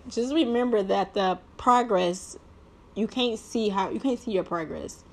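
A woman's voice: medium pitch, measured pace. Young woman, vlogger, earnest, "like"-heavy, heartfelt advice to viewers. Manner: earnest, heavy use of "like", preachy encouragement. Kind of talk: heartfelt personal talk to viewers.

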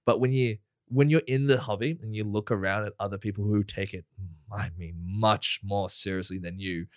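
A man in a casual podcast chat, talking in an animated way with many fillers. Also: on the low side, normal speed, dry recording, studio quality.

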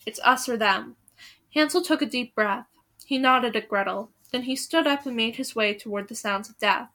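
A woman's voice: a little high, normal speed, fairly bright tone. A woman reading a storybook aloud with dramatic, suspenseful pacing.

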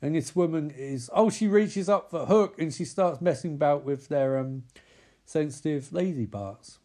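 A man's voice: a little high, expressive, moderate pace, mellow. A man rambling through a comic film recap, swearing and interrupting himself. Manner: rambling, profane, self-interrupting.

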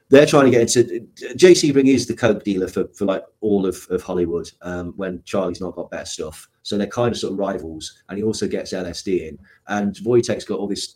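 Male guest, low voice, animated raconteur who acts out the quotes. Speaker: guest author. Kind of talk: storytelling interview talk.

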